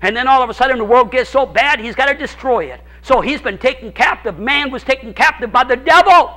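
A man pastor preaching a sermon at a church service, repeating phrases for emphasis and swinging between shouts and hushed tones. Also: very high voice, lively intonation, a little fast.

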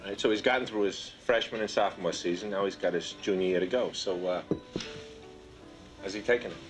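Male actor as a wry ex-pro coach, 70s TV, low and quick, music bed under. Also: close to an everyday voice, rough recording. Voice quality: dry, wisecracking. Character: wry former pro player, now a coach. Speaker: basketball coach. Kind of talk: 1970s TV drama acting.

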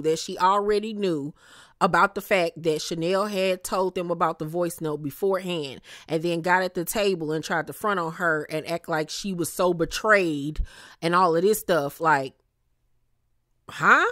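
A woman casually recapping a reality show in animated, slangy storytelling. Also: fairly low pitch, no room sound, studio quality. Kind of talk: casual commentary.

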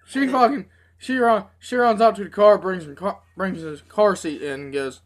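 A woman telling profane, animated stories in a casual review video. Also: medium pitch, moderate pace. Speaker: tobacco dip reviewer. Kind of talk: casual storytelling.

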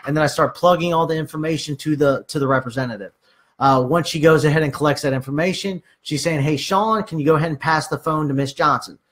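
A man's voice: a little high, a bit bright. A man giving casual sales training, acting out conversations with clients and using many fillers.

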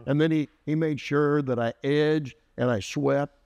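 A man co-hosting a podcast, telling a story from his childhood in a folksy way, often pausing with "uh" and starting over. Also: a little high, steady tone, a little mellow, dry recording, dull audio. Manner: folksy, with frequent "uh" and restarts. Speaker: co-host. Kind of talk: casual storytelling.

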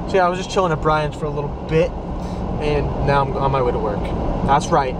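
Young man, daily vlogger, goofy and excitable, slightly high voice, noisy background. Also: fairly quick. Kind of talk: casual vlog chat. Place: on the go, in a car and at work.

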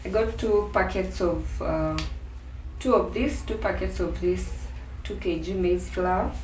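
A Kenyan woman casually narrating a home vlog, relaxed and full of "yeah, so" fillers. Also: on the low side, a little slow, a little hiss or hum. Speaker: vlogger. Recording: echoey room, distant mic, faint music.

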